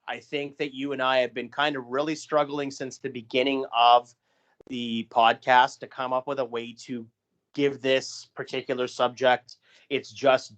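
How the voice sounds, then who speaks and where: A man co-hosting a wrestling podcast, talking in a measured, announcer-like way as he wraps up the show. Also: medium pitch. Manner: measured, announcer-style sign-off. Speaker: podcast co-host. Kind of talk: casual podcast chat. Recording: slightly dull lo-fi audio.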